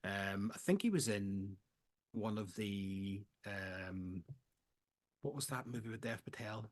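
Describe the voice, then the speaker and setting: A man co-hosting a film podcast, rambling and jokey, getting loud when excited. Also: lowish voice, slow pace. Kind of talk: casual chat.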